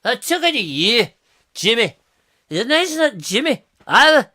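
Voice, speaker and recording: A man's voice: extremely high pitch, big pitch swings, a little slow, pushed and bright, pitched above the performer's own voice, heavily acted. A man putting on a Scottish accent to play a chummy, tipsy Glaswegian man who blusters and calls everyone Jimmy. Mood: mock-indignant.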